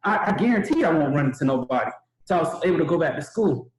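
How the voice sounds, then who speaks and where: A man's voice: a little high, fast. A young man telling a motivational story at a training webinar, acting out the voices of the people in it. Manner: animated, acts out quoted voices. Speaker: webinar speaker. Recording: echoey room.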